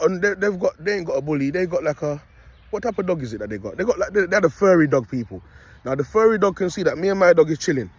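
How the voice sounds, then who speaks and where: A young man talks in a rambling, preachy monologue. His voice sits fairly high and sounds husky. He keeps circling back with slang tags. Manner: rambling, street slang, repeats "you get me". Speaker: self-styled prophet vlogger.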